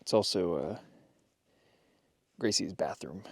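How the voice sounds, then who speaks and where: A man's voice: low-pitched, takes it slowly, no room sound. A man vlogging casually outside in the snow, playful and goofy, talking to his dog and his viewers. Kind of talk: casual vlog chat. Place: snowy yard outdoors.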